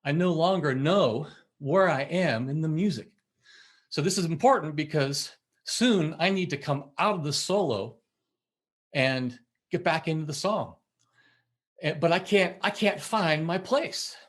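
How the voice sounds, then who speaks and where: A middle-aged man, a musician and podcast guest, telling a story in a lively way and acting out the voices he quotes. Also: on the high side. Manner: acts out quoted voices, laughs while telling. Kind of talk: animated storytelling in conversation.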